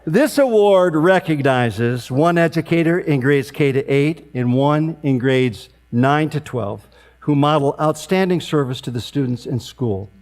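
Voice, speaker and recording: A man in his sixties emcees an awards event, telling a family story with deadpan comic timing. His voice sits a touch high for a man. A faint mains hum runs under it. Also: unhurried.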